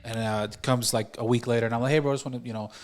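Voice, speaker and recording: Man, young adult, podcast host, casual storytelling, animated, swears freely, quick pace. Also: mid-range voice.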